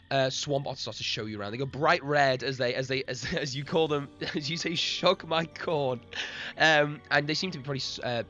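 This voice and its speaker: Man, game master, live stream, rambling, laughs a lot, slightly high voice, dull lo-fi sound, faint music. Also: a bit bright. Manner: rambling, laughs often, addresses chat.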